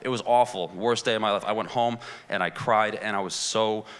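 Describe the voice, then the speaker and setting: Low, smooth-voiced man telling a deadpan story. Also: fairly quick. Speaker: stand-up comedian. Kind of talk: stand-up set. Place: comedy club stage with a live audience.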